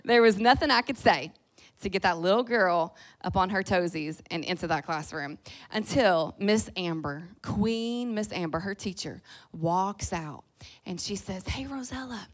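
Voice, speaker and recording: A middle-aged woman with a Kentucky accent preaches a sermon in a lively, folksy style that swings between loud and soft. Her voice sits on the low side and keeps a measured pace.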